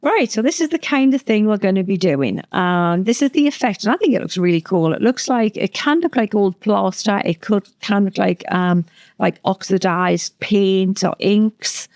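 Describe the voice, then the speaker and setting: A woman's voice: medium pitch, lively intonation, normal speed, a little mellow, no room sound. A woman as a craft educator, chatty and enthusiastic, talking through a craft tutorial with frequent restarts.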